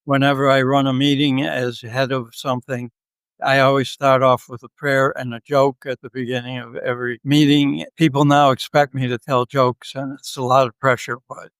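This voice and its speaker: A man in his seventies talks as a podcast guest, easygoing and quick to joke. He tells his stories at a middle pitch. The recording is dry, with no room sound. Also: little pitch movement, fairly bright tone, clean tone, no echo. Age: 70s. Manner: joking, easygoing. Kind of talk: casual interview storytelling.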